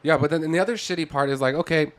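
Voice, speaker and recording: A man in casual podcast chat, an animated storyteller who acts out other people's lines and swears freely. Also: on the high side, very fast.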